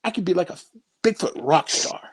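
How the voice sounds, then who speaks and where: A man who is a guest on a casual podcast, telling stories with lively, acted-out quotes. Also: high voice, a little fast, slightly rough. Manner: animated storyteller, acts out quoted voices. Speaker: guest artist.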